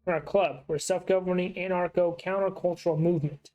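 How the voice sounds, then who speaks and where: A man's voice: sits high, fairly even intonation, fast, lo-fi sound, close to an everyday voice. A man voicing a rude, swaggering young punk gang member while reading game dialogue aloud. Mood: cocky.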